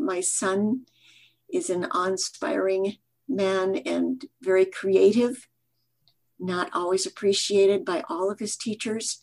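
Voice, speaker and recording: An older woman from Michigan, a podcast guest, answering thoughtfully with pauses and fillers. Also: medium pitch, vocal fry. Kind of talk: reflective podcast interview.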